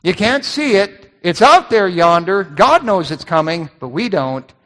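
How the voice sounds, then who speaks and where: A man preaching in a large hall with a long echo trailing his words. His voice sits high and swings widely as he acts out the voices of the people in his story. He repeats words in quick bursts. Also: big pitch swings, a bit bright. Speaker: pastor. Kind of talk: sermon.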